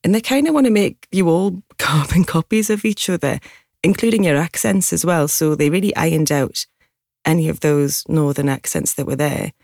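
A middle-aged woman from Newcastle with a husky Geordie accent, chatting as a singer-songwriter guest and poking fun at herself. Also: low-pitched, normal speed, a little mellow, dry recording, clean studio sound. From Newcastle, England. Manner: chatty, self-mocking, laughs often. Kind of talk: casual interview chat.

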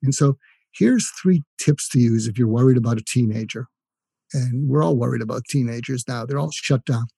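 A man's voice: mid-range voice, normal speed, creaky, mellow, breathy edge, no echo, studio quality. An older retired man giving communication tips in an interview, explaining with examples and acted-out phrases. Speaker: guest, communication expert. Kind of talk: instructive interview talk.

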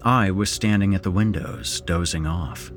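A man narrating a horror story in a measured, dramatic storytelling manner, as host of a podcast. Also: deep voice, faint music behind.

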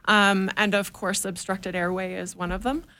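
A woman guest sits in a radio studio and answers the host's questions. She explains things earnestly and step by step, in a voice of middling pitch. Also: level tone, moderate pace, sharp tone. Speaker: guest, dog owner.

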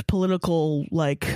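A young woman co-hosting a casual podcast, sick and congested, talking in a sweary, animated way and mimicking other people. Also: sits low, smooth, no echo, studio quality. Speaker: podcast co-host. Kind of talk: casual chat.

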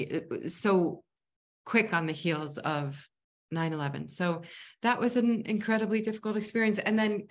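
A woman, an actress and filmmaker, telling stories in a casual interview, chatty and rambling with many fillers and restarts. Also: lowish voice. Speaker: actress and filmmaker, podcast guest.

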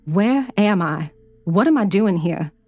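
A woman's voice: mid-range voice, animated, measured pace, dark tone, no echo. A woman voicing a frightened but defiant captive woman in a horror story she narrates. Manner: pleading, then angry.

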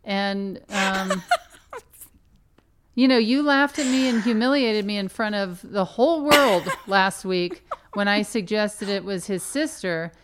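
A woman's voice: mid-range voice, slow pace, a little hiss or hum. A woman co-hosting a true crime podcast, chatting casually and defending her theories playfully. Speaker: podcast co-host. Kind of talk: casual chat.

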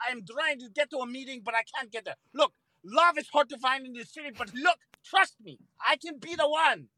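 A man voicing a brash, impatient would-be boyfriend in a voicemail, shouting and cursing in a vague put-on foreign accent. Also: very high-pitched, a little fast, no room sound, full character voice, poor audio. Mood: pushy. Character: brash impatient male driver wooing a woman. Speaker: voicemail caller.

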